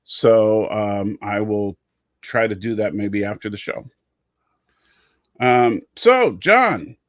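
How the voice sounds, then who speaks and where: A man's voice: lowish voice, lively intonation, slow pace, no room sound, studio quality. A man hosting a casual livestream chat, rambling, repeating words and reading out viewer comments. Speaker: show host.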